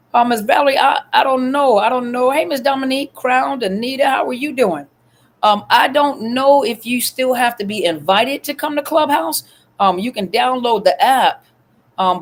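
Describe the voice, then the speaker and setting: A woman hosting a casual livestream from her phone, chatting with viewers, greeting them by name and filling pauses with lots of ums. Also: a little high. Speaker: livestream host.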